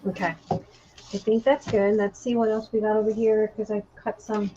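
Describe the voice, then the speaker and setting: A woman's voice: mid-range voice, flat delivery, normal speed, mellow, highs cut off, slight background noise. A woman from Texas chatting casually while crafting on a live stream, friendly and full of fillers.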